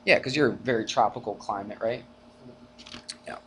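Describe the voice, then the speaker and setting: With a fairly low voice at a moderate pace, plus a little background hiss or hum, a man teaches college algebra. The math teacher's lecture is casual, full of rhetorical check-ins with students and animated arguments he acts out in a rising voice.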